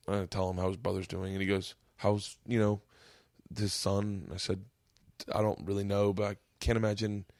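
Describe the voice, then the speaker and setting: A man in his forties hosting a podcast, telling a long story with lively acted-out quotes. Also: on the low side, no room sound, studio quality. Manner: animated storyteller, acts out quotes, gets choked up. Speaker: podcast host. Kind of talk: casual storytelling chat.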